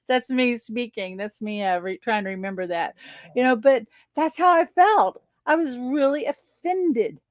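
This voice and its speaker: A woman teacher telling a personal story in an animated way, acting out the exchanges and laughing often. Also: a little high, no echo. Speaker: spiritual teacher. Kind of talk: storytelling monologue.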